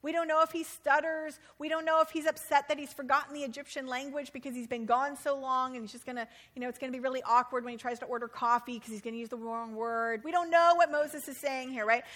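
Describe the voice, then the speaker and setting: A woman preacher giving a sermon, animated and humorous, with playful asides. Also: high-pitched, fast talker, few pauses.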